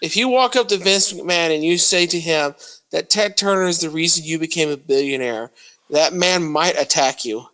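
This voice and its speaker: A man's voice: a little high, moderate pace, sharp tone, clean tone. A man co-hosting a podcast, chiming in casually with wry quips. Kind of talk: casual chat.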